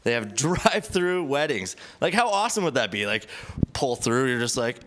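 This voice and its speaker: A man's voice: medium pitch, sing-song, moderate pace, a bit bright. Rambling self-deprecating stand-up guy. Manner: rambling, self-deprecating, lots of likes and laughs. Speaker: stand-up comedian. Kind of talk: stand-up set. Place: comedy club stage.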